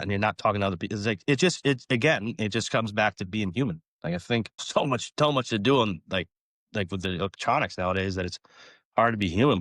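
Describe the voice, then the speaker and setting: A man's voice: on the low side, a bit bright, no echo, clean studio sound. A man, a college baseball coach, talking casually in a podcast interview, rambling with lots of fillers and acting out conversations.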